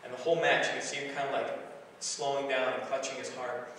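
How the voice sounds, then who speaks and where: A man preaches to a congregation, telling a story in a relaxed, conversational manner full of asides. His voice sits at an ordinary pitch and comes from a distance. A long, booming reverb fills the large hall around him. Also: fairly quick. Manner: conversational storytelling with filler phrases. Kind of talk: sermon retelling a film story. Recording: echoey hall recording from far off, faint hiss.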